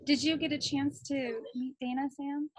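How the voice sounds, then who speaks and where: A woman from Illinois co-hosting a podcast, upbeat and quick to laugh in a studio. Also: high-pitched, steady tone, crowd noise, rough recording. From Peoria, Illinois. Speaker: podcast co-host. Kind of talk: casual chat.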